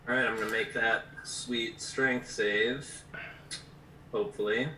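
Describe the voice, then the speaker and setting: A man's voice: lowish voice, fairly even intonation, measured pace, bright, forceful tone, a little hiss or hum. Chatty man playing a tabletop game. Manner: chatty, rambling, many fillers. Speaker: player. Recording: echoey room, far from the mic.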